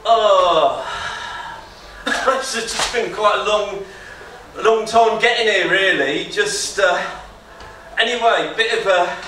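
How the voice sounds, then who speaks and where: A man performing a deliberately bad comic poem at a small live venue, rambling and interrupting himself. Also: high-pitched, bright, forceful tone. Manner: rambling, self-interrupting, giggling. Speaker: contestant poet. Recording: echoey room, distant mic, crowd noise.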